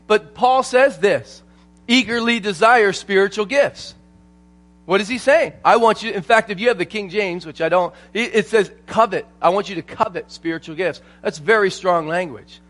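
A man preaching a sermon at a conference, telling stories in an animated way and repeating his phrases for emphasis. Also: high-pitched. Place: church conference hall.

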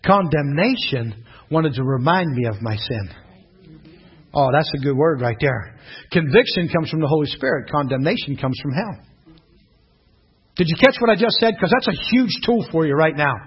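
A middle-aged male preacher from western Pennsylvania, telling a personal testimony in an animated sermon and often asking the audience questions. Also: on the high side, normal speed, slightly rough, highs cut off. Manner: animated storytelling, with repeated rhetorical questions to the audience.

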